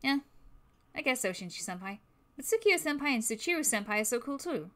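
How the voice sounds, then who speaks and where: A woman voicing an excitable, sweet young boy who talks in a bubbly, eager way. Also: on the high side, brisk. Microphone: new microphone.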